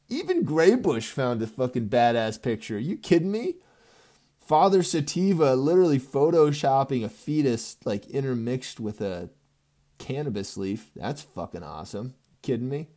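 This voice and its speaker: A young man casually recapping his fantasy football league for his friends, swearing constantly and swinging between mumbled asides and loud ribbing. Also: mid-range voice.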